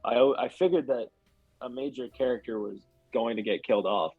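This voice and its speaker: A man's voice: medium pitch, brisk, vocal fry, breathy edge, dry recording, narrow, tinny audio. A young man, a podcast guest, chatting casually and rambling with lots of filler words. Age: young adult. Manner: rambling, hedging with many "like"s. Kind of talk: casual chat.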